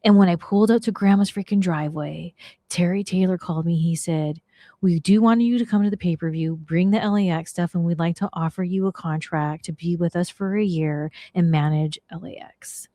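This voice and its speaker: A middle-aged woman casually telling a story on her podcast, slangy and animated, acting out the people she quotes. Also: on the low side, a little fast, no echo. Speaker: podcast host.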